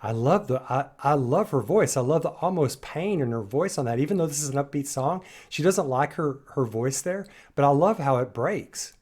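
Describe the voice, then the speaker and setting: A man's voice: mid-range voice, animated, normal speed, hardly any pauses, darkish tone, faint music behind. A man reacting to a song, gushing with praise and restarting his sentences as he thinks aloud. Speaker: reaction video host. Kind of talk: enthusiastic music commentary.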